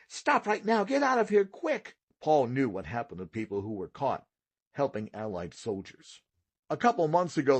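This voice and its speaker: A man with a husky, slightly breathy voice reads a children's audiobook aloud in a steady, expressive way. His voice is recorded close and dry, with no room sound behind it. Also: medium pitch, dry recording. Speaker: audiobook narrator. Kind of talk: scripted narration.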